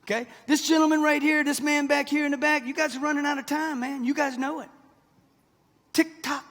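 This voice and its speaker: A man's voice: very high-pitched, steady tone, quick pace, fairly bright tone. A man in his sixties giving a punchy motivational seminar talk to a live audience, pressing them with "okay?" and "right?". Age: 60s. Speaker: motivational speaker. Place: large event hall before a live audience. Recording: reverberant hall.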